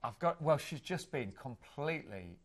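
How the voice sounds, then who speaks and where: Lively male cruise co-host. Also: a little high, moderate pace. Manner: lively, laughs easily, reads out deals. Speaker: cruise show co-presenter. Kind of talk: sales presentation.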